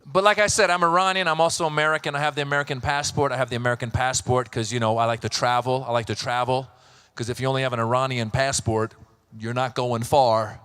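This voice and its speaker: A man from Iran in his thirties doing stand-up comedy, telling animated stories and acting out voices. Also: mid-range voice, quick pace, clean tone. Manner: animated storytelling, acts out voices.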